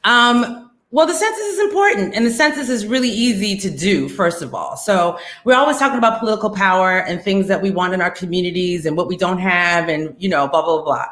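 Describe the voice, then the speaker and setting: A woman's voice: fairly low pitch, fairly quick, hardly any pauses. Woman hosting her show, chatty, lots of ums, roomy echo. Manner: chatty, lively, laughs often, many fillers. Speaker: host. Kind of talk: casual livestream talk.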